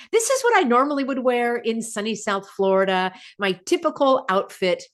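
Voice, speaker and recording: Animated chatty woman hosting a broadcast. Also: a little high, normal speed, hardly any pauses. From United States. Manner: chatty, animated, laughs often. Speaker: host. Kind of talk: casual broadcast commentary.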